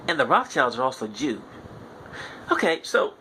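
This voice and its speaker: With a mid-range voice that swings widely in pitch, a young man hosting a podcast launches into a profane tirade at normal speed. His tone is bright and forceful, he hammers his points through repetition, and a little hiss or hum sits under the recording.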